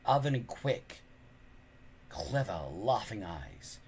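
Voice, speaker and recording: A man reading a children's book aloud with expressive, unhurried storytelling. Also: mid-range voice. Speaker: reader.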